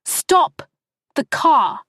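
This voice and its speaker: A woman voicing a furious young wife arguing in a taxi, her lines high and shrill. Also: animated, no room sound, studio quality. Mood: screaming. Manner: shrill, raging, rapid outbursts.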